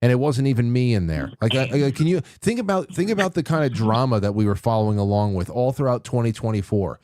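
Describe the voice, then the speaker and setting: A man's voice: medium pitch, lively intonation, fast talker, darkish tone, no room sound, studio quality. A man hosting a casual call-in talk show, rambling with frequent restarts and chuckles. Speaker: radio call-in host.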